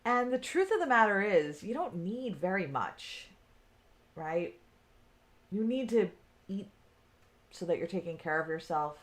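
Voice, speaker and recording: A woman's voice: medium pitch, big pitch swings, unhurried, pauses often. Woman telling a personal story. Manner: conversational, often checks in with the listener. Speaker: speaker on self-care.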